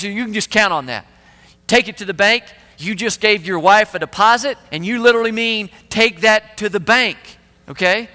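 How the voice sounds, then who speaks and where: A high, bright male voice, preaching in an easy conversational way that keeps asking the listeners questions. His words ring out with the long reverb of a large hall. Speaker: pastor. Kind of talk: sermon.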